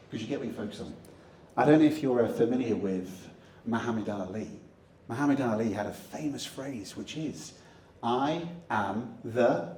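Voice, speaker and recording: Lively man on an echoey stage. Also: mid-range voice, a little hiss or hum. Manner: animated, jokey, leads audience chants. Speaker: motivational speaker and magician. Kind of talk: live stage talk with audience participation. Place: conference hall stage. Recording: echoey hall, distant mic, faint ambience.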